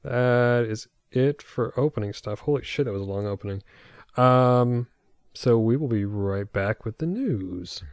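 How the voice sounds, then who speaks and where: A man's voice: medium pitch, measured pace, no room sound, clean studio sound. A man hosting a podcast, chatting casually and agreeably with his co-host and swearing now and then. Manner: agreeable, laid-back, swears. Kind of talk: casual chat.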